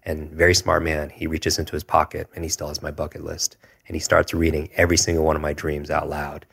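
A man in his forties, a guest telling a personal story in an earnest, reflective way, often pausing with fillers. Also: extremely low pitch, completely flat delivery, gravelly, fairly bright tone, slightly rough. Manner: earnest, reflective, with frequent hesitations and filler words.

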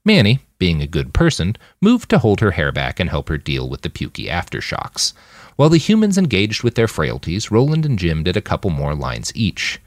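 Deep-voiced man reading fiction. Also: moderate pace, no echo, clean studio sound. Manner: expressive reading. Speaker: fiction podcast narrator. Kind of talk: scripted narration.

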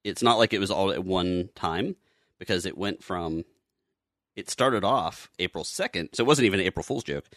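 Deep-voiced joking male podcaster. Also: normal speed, fairly bright tone, no room sound, clean studio sound. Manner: joking, loose, filler-heavy. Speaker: podcast co-host. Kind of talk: casual podcast chat.

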